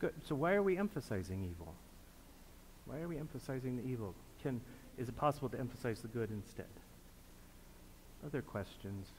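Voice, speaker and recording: A man serving as pastor guides his congregation through a reflection, calmly repeating his prompts and inviting answers. His voice rings with a long hall reverb, and a faint hum of background noise sits beneath it. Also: mid-range voice, a little fast, pauses often. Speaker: pastor leading a group reflection. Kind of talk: interactive liturgical teaching.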